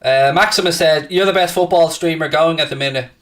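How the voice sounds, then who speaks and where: A man's voice: on the high side, brisk, distant mic. Brash, swearing man streaming. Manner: brash and profane, taunting rival fans; excitable, shouting at times. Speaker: host of a football watchalong stream. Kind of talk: casual live-stream chat, reading and answering viewer comments.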